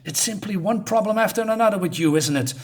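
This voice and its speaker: A man reading aloud the lines of a disapproving, sharp-tongued older sister in a scornful way. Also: high voice, fast, pitched above the performer's own voice.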